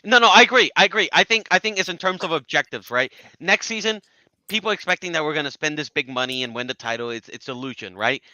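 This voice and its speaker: Earnest man with a bright, crisp voice. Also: on the high side, lively intonation, fast talker, no echo, rough recording. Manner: earnest, stammers restarts. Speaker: guest panelist. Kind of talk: casual football chat.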